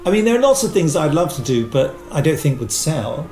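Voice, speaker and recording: A man appears as a podcast guest, a voice actor chatting casually and telling anecdotes, often putting on the voices of the people he quotes. His voice is on the high side and a little fast, with faint music behind it. The room sounds echoey.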